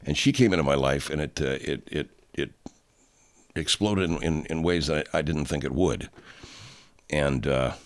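An older man in a profane, angry rant, swinging from loud outbursts to quiet, low stretches. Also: moderate pace. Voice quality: heavy swearing, loud outbursts. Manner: ranting, rising into shouting then dropping low.

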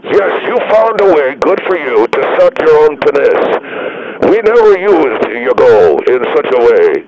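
A gravelly, touchy yoga doctor. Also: male voice, a little high, very animated. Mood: indignant. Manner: indignant, quick to take offense. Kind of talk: radio comedy sketch. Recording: muffled radio broadcast with crowd noise.

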